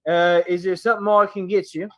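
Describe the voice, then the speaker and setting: A man's voice: high-pitched, little pitch movement, fairly quick, no echo, natural voice. A man voicing a simple, friendly male barkeep who welcomes guests at a tavern. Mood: welcoming.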